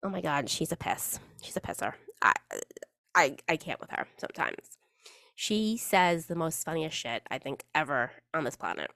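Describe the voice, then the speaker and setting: A woman's voice: deep voice, expressive, moderate pace, sharp tone, dry recording, clean studio sound. A woman hosting a casual solo podcast in a chatty, rambling, playful way, with the odd swear word. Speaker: podcast host.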